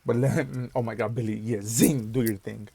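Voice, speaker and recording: Heavy background noise surrounds this young man's lowish, creaky voice, which keeps a steady tone at normal speed. Hosting a reaction video with a loud song playing, he jokes, talks back at the screen and swears without restraint.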